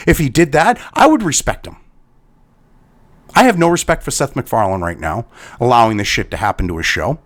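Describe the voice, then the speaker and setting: A man's voice: medium pitch, lively intonation, a little fast, pauses often. Angry swearing man ranting commentary. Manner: swearing heavily, exasperated, sighing. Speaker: commentary host. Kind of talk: angry profane commentary rant.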